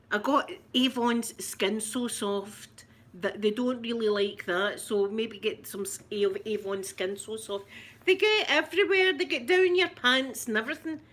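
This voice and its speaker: A woman's voice: on the high side, normal speed, a bit bright. A middle-aged woman with a Scottish accent, chatting casually and laughing with live viewers as she hosts a stream. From Scotland. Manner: chatty, rambling, laughs often. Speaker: ASMR livestream host.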